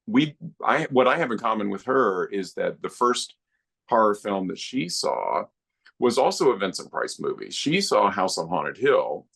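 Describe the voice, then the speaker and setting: A man's voice: lowish voice, very animated, unhurried, vocal fry, a bit bright, husky. A middle-aged man, a guest filmmaker on a podcast, reminiscing in an earnest, heartfelt way. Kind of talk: podcast interview.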